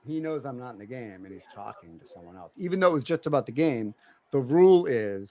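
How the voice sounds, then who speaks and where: A man's voice: medium pitch, animated, fast, dark tone, a little hiss or hum. A middle-aged man co-hosting a podcast, telling a family story in casual chat and acting out his kids' voices. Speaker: podcast co-host.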